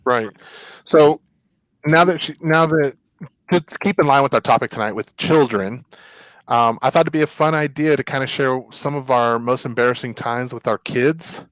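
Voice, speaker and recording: A man hosting a casual chat show, telling stories in an animated way. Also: mid-range voice, normal speed, no echo, low-quality recording. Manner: animated storyteller. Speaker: host.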